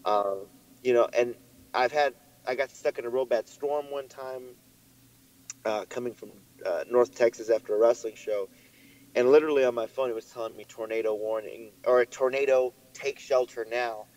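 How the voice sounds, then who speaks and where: A young man co-hosting a podcast, telling a story in a lively way and swearing often, his voice jumping up when he gets worked up. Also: mid-range voice, moderate pace, poor audio. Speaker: podcast co-host. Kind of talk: casual chat.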